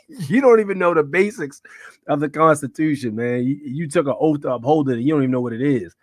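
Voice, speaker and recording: A man's voice: a little high, expressive, fast talker, darkish tone, no room sound, studio quality. Slangy man hosting a live stream. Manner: slangy, rambling, many fillers and "you know what I'm saying". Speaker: livestream host. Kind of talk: casual live-stream commentary.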